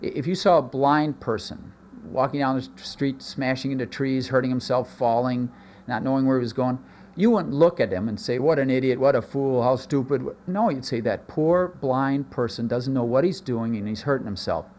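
A man preaching a sermon as a pastor, earnest, his voice rising for emphasis and dropping low in asides. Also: moderate pace, a little mellow, slight background noise.

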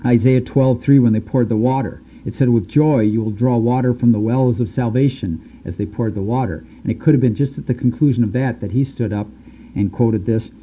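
Man teaching scripture, very dark voice. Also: mid-range voice, a little hiss or hum. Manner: reads scripture aloud, then explains it in loose, halting talk. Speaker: Bible teacher. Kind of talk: Bible teaching. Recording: dull, lo-fi recording.

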